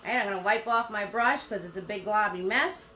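A woman's voice: medium pitch, brisk, bright, forceful tone. An older woman giving a live painting lesson, upbeat, chatty and encouraging. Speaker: painting instructor.

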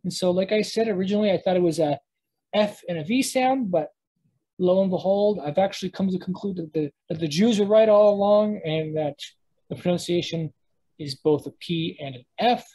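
Explaining a casual lesson at normal speed, this language teacher rambles and thinks aloud, full of fillers and restarts. The husky, breathy voice sits at a middle pitch with a dark tone, captured on poor audio.

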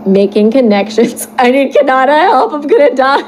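Giggly high-voiced young woman streamer. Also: normal speed, a little hiss or hum, poor audio. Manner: animated, laughing often, mock-horrified outbursts. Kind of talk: reading a fan fiction aloud and playing a game with reactions.

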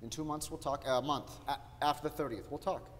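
A man's voice: a little high, fairly even intonation, brisk, lightly acted. A man acting live on stage as a desperate aging salesman who stammers, pleads and flares into anger. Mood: haggling. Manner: wheedling, stammering, bursts of anger. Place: theater stage. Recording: roomy hall, faint noise.

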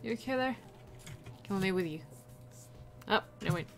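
A woman giving playful, chatty commentary while playing a video game, breaking into sudden high excited squeals. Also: moderate pace.

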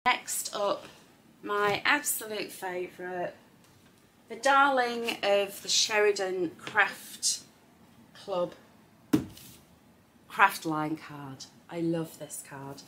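A woman in middle age talks through craft papers on a live shopping stream. Her voice sits in the middle of the female range. She chats warmly about deals, pushing prices and bargains as she demonstrates. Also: medium pitch, drawn-out words, pauses often, slight background noise. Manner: chatty, upbeat, pushes deals and prices. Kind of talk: live product demonstration and sales chat.

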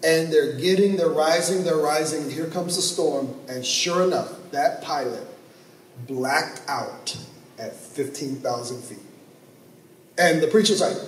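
A male pastor delivers a sermon through a vivid story, pushing his voice up high and letting it fall low to build drama. His voice sits a bit high. The sound echoes around a church sanctuary, caught from some distance with a faint hiss behind it. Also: measured pace. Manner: animated storytelling, voice rising and dropping sharply for dramatic effect.

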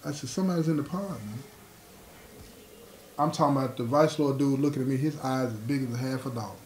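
A man's voice: mid-range voice, fast, darkish tone, slight background noise. A man telling a prison story in a casual, streetwise way, acting out the dialogue and often asking if you follow him. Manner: streetwise storyteller, acts out dialogue, asks "you know what I'm saying". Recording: roomy echo.

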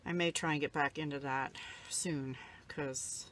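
An older woman who vlogs about crafting shows off supplies that came in the mail, speaking a little slowly in a low, steady voice. Soft-spoken and rambling, she gushes over each item and is emotional, at times near tears. Slight background noise is audible.

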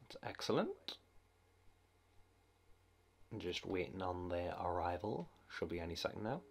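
A man's voice: deep voice, sing-song, unhurried, creaky, a little hiss or hum. A man with a Geordie accent giving casual, self-mocking let's-play commentary full of crude jokes. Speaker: gameplay commentator.

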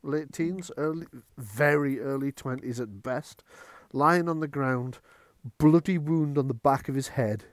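A man's voice: medium pitch, measured pace, hardly any pauses, no echo. A man running a tabletop horror game as game master, chatty, with many fillers and restarts.

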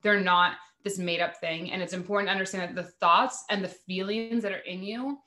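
Bright-voiced woman chatting in a roomy space. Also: medium pitch, fairly even intonation, brisk. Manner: chatty, frequent "like" fillers. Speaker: podcast host. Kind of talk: casual spiritual chat.

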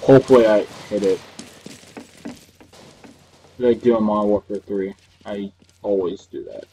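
A man's voice: fairly low pitch, steady tone, moderate pace, warm tone, a little hiss or hum, low-quality recording. A man giving casual gameplay commentary, rambling and self-deprecating, with the odd swear. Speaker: gamer. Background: faint game gunfire.

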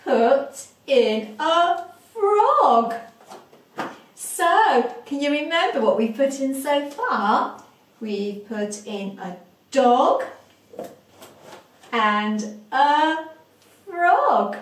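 A woman teaching young children, speaking slowly and clearly and drawing out rhyming words in a sing-song way. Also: sits high, big pitch swings, reverberant. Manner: slow, clear and exaggerated, stretching rhyming words. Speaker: preschool teacher.

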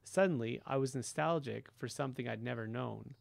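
A man narrates an audiobook in a steady, unhurried way, his mid-range voice carrying a gravelly texture. The recording is close and completely dry, with no room sound. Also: mid-range voice, no echo. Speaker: audiobook reader. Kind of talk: first-person audiobook narration.

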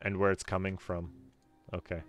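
A man's voice: low voice, level tone, moderate pace, fairly bright tone, faint music behind. A man giving casual, sarcastic commentary while playing a game, swearing freely. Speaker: game streamer.

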